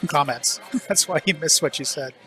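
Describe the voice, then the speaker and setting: A man's voice: on the high side, normal speed, music in the background. A man commenting live on a pool match into a headset, joking and giving firm opinions on the shots.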